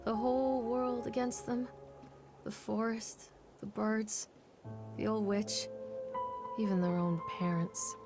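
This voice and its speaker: A woman's voice: on the high side, steady tone, takes it slowly, long pauses. A brooding game mother. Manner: quiet, brooding, reflective. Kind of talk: scripted game voice acting. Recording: music behind the voice.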